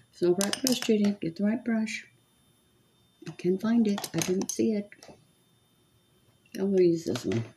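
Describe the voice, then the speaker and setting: A makeup vlogger in her seventies chats casually while doing her makeup on camera, sometimes muttering to herself. Her voice is medium in pitch, and the recording carries a little hiss or hum.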